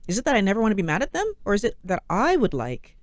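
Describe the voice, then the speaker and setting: A woman's voice: medium pitch, wildly swooping pitch, fast talker, dry recording. A middle-aged woman, a psychologist co-hosting a casual health chat, explaining with examples and rhetorical questions. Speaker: co-host, psychologist.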